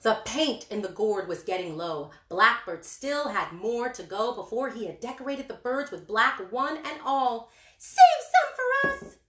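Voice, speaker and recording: A woman reading a picture book aloud to young children, animated and singsong, asking them questions as she goes. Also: a little high, a little slow, few pauses. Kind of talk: children's story time read-aloud. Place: indoor room with books. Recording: echoey room.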